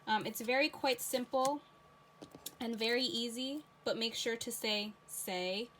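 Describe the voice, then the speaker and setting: A woman teacher reading a rhyming picture book aloud to children, then explaining a card game in a clear, patient way. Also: a little high, a little slow, a bit bright, a little hiss or hum, low-quality recording.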